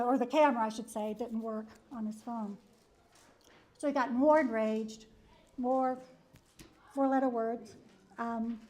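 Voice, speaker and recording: Speaking in a high, somewhat bright voice, a woman psychologist gives a conversational church wellness presentation built around a personal anecdote. Frequent "um"s and "you know"s mix with many chuckles.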